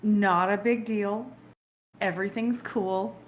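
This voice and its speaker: A woman's voice: mid-range voice, steady tone, slow pace, slight background noise, voice pushed down, natural voice. A woman voicing a rebellious grown child who swears and pushes back against a father. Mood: evasive. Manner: defiant, swearing, exasperated.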